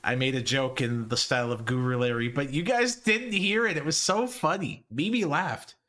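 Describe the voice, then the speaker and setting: A man's voice: mid-range voice, normal speed, bright, forceful tone. A young man hosting a casual live stream, cursing, joking at his own expense and laughing often. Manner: profane, self-mocking, laughing often. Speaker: livestream host.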